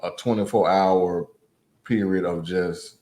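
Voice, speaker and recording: A man, co-hosting a podcast with his wife, talking softly and rambling with many fillers. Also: deep voice, steady tone, slow pace. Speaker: podcast co-host. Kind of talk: casual chat with his wife.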